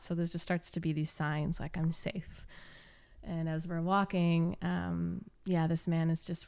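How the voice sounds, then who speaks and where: A woman guest on a podcast, telling a story in a casual, rambling way with many "likes" and "ums" and soft laughs. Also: on the low side, vocal fry. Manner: rambling, heavy use of "like" and "um". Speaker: podcast guest, yoga teacher.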